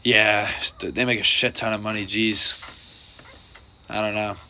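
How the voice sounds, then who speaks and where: A man's voice: lowish voice, flat delivery, measured pace, bright, forceful tone, a little hiss or hum. A young man, chatting casually on a podcast and rambling with lots of filler words and swearing. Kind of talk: casual chat.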